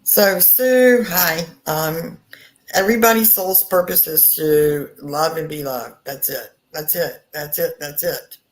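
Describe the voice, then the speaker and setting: A woman giving a psychic reading, slowly searching for words and repeating herself. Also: low-pitched. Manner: slow, repetitive, searching. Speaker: psychic reader. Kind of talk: spoken reading.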